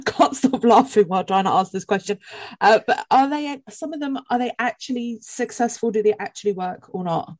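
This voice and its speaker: A woman's voice: fairly high pitch, lively intonation, normal speed, a little mellow, no room sound. Woman cohost, giggly, asking curious questions. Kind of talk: casual podcast chat.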